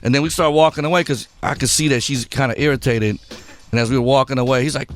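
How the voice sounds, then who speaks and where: A male radio host in a mid-pitched voice, telling a long rambling anecdote on his show. He acts out the people in his story as he goes, with faint music under him. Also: fast talker. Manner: animated, acts out quotes, rambling.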